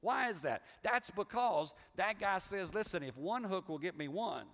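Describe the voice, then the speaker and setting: A man's voice: high-pitched, lively intonation, normal speed, a bit bright, big-room sound. A middle-aged man with a Southern US accent preaching a sermon as pastor, in a folksy, conversational way with restarts and repeats. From Southern United States.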